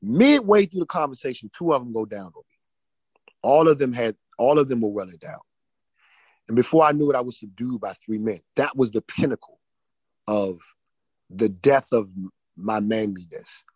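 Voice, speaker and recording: A man on a podcast telling an emotional personal testimony, often restarting and repeating words, swinging between loud and hushed. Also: medium pitch, lively intonation, moderate pace, long pauses, breathy edge, no echo, low-quality recording. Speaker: podcast guest.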